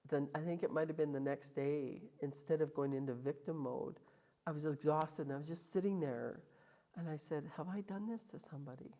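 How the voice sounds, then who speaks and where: Low, mellow-voiced woman telling her story. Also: brisk. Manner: emotional, vivid retelling with acted quotes. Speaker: guest. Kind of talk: storytelling interview.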